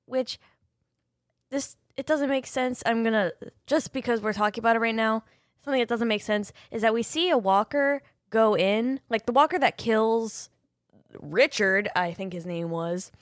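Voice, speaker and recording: A woman co-hosting a casual TV episode review chat, blunt and quick to laugh, swearing freely and acting out scenes. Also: fairly high pitch, dry recording, clean studio sound. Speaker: podcast co-host.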